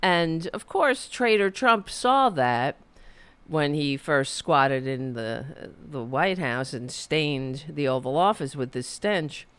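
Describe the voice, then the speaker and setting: A woman with a lowish, smooth, clear voice hosts a live political stream. Her talk is heated and profane, rambling on with restarts. The sound is dry and close. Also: expressive, takes it slowly, a bit bright, dry recording. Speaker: political commentary host.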